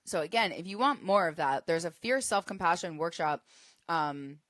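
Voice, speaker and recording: A woman hosting a solo podcast, teaching in an earnest, emphatic way that builds to forceful bursts. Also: lowish voice, animated, moderate pace, dry recording, clean studio sound. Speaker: podcast host.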